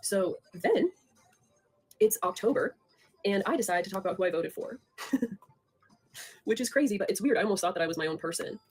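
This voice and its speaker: A woman's voice: medium pitch, expressive, moderate pace, long pauses, darkish tone, breathy edge. A young woman in a heated, profane, rambling rant, addressing her viewers directly and confronting people. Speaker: online creator talking to viewers.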